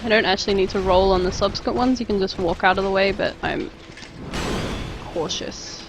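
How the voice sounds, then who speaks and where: A woman's voice: medium pitch, fairly even intonation, brisk, over music, poor audio. A young Australian woman chatting casually with her viewers while she plays a game on a live stream, rambling from one thought to the next. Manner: chatty, rambling, reads and answers chat.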